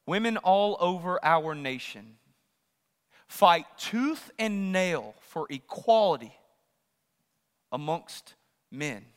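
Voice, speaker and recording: A man preaching a sermon as pastor, swinging between loud rising questions and hushed asides. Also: on the high side, animated, slow pace, long pauses, in a large hall. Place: church sanctuary.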